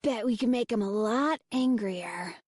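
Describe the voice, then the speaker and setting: A woman's voice: on the high side, unhurried, a little mellow, no room sound, studio quality. A woman doing a gleeful mischief-making boy. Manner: gleeful, scoffing.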